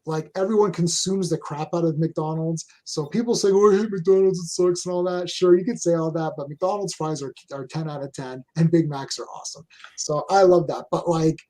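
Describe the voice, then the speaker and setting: A Canadian man talks casually as host, with a voice sitting a little high for a man. He rambles through strong opinions, stopping and restarting his sentences often. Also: a little fast, warm tone. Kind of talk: casual chat.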